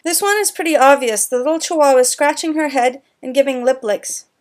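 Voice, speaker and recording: A woman's voice: high voice, brisk. A woman dog trainer doing plain explanatory voice-over narration for a lesson.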